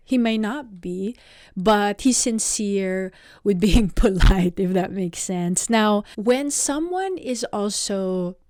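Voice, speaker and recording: A woman from the Philippines hosting a solo podcast, explaining ideas in a slow, thoughtful, reflective way. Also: mid-range voice, a little mellow, smooth, no echo, clean studio sound. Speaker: podcast host.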